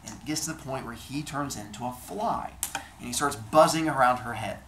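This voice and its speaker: A man's voice: mid-range voice, moderate pace, pushed and bright, slight background noise. A man telling Greek myths in a playful, chatty comedic style, recorded in an echoey room. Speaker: storyteller. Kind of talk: casual comedic storytelling of myths.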